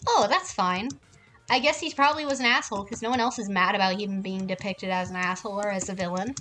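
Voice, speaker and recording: A woman's voice: on the high side, a bit bright. A woman streaming a game, ranting casually with heavy swearing. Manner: profane and heated.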